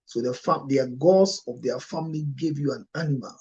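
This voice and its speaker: A man's voice: normal speed, muffled recording. Impassioned male marriage counselor. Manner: emotional, with sharp rises in pitch and loudness. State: near tears at times.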